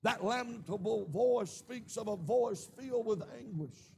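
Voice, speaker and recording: A man with a Southern American accent preaching a sermon in a church, with shouted peaks and frequent amens. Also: high voice, a little slow, creaky, slight background noise. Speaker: pastor. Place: church sanctuary.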